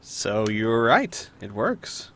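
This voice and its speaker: A man's voice: lowish voice, big pitch swings, slow, a bit bright, a little hiss or hum. A man playing in a tabletop game, playful as he narrates his character. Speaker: player. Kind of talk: casual tabletop play.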